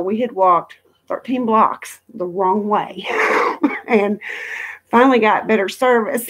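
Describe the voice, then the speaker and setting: A middle-aged woman chatting casually on a live stream from home, rambling through travel stories and reading viewer comments aloud. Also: mid-range voice. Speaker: livestream host.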